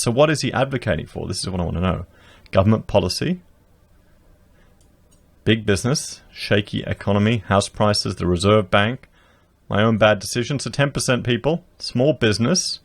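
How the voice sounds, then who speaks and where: This Australian man's voice is gravelly and fairly low-pitched. Speaking close into a podcast dynamic mic, he reads the news to his viewers and answers it with emphatic, rhetorical political commentary.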